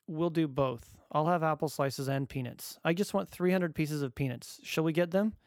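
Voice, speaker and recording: A man voicing his excitable three-year-old son in a storybook reading, with a high, eager, bouncy voice. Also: moderate pace, no room sound, studio quality, lightly acted. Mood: pleading.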